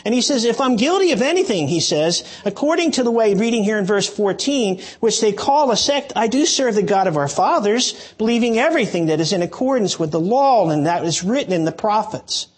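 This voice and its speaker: A man's voice: sits high, expressive, a little fast, few pauses, slightly rough. A male pastor preaching a sermon, teaching through a Bible passage with emphatic asides and frequent restarts.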